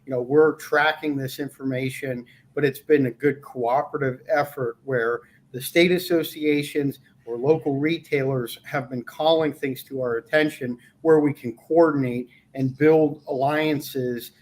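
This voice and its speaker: A man from an association discussing plans on a live webcast in a measured way, with many "you know" and "um" fillers. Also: mid-range voice, steady tone. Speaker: association staffer.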